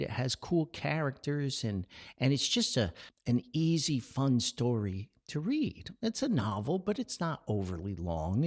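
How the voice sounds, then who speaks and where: A middle-aged American podcast host with a gravelly voice rambles through family stories. His pitch swings widely, and he trips over his words and starts again. It is a loose, talky monologue. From United States. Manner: chatty and repetitive, frequent stammered restarts, breaks into laughs. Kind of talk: rambling personal storytelling.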